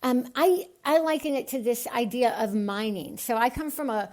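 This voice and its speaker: A woman from the United States, a podcast guest, speaking with a lisp and an unusual voice altered by tongue surgery, earnest and animated. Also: a little high, moderate pace. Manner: earnest, animated, gets excited. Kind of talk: podcast interview.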